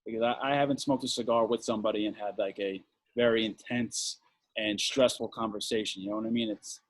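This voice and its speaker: A man co-hosting a casual podcast chat, talking in a relaxed, rambling way and repeating words as he starts a thought. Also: mid-range voice, a little fast, gravelly, no echo. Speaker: podcast co-host.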